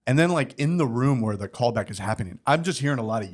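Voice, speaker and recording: A man's voice: mid-range voice, fast talker. A man guesting on a podcast, telling casual stories and acting out the people in them. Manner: animated, acts out quoted people. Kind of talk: casual storytelling chat.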